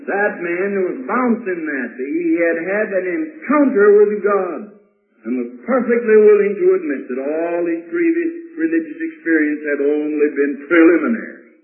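A man's voice: fairly high pitch, normal speed. A man preaching a sermon as pastor, blunt and emphatic, with rhetorical questions and dry asides. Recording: tinny, echoey old sermon recording.

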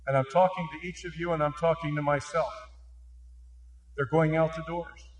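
A man with a fairly high voice gives an earnest presentation to an audience. He leans on key points and asks rhetorical questions. He sounds echoey and off-mic, as if recorded from across a meeting hall. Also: fairly even intonation, moderate pace. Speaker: mission organization speaker. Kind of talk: conference presentation with slides. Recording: echoey room, distant mic.

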